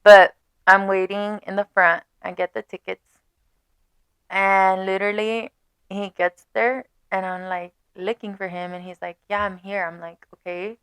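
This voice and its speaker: A young woman vlogger telling a dating story in casual chat, animated and swearing, laughing often. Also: medium pitch, measured pace, smooth, no room sound.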